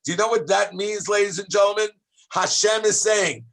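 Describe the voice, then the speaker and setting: A man, a rabbi, teaching a high school class in an animated, exclamatory way, calling on students by name and shouting at times for emphasis. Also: moderate pace, creaky. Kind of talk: lively classroom lesson.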